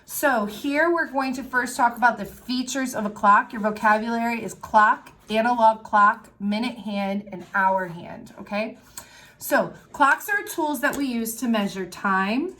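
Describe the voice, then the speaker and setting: A woman teacher giving a recorded lesson to young children, explaining worksheets step by step in a clear, patient way. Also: on the high side, a little slow, fairly bright tone. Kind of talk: recorded remote class lesson.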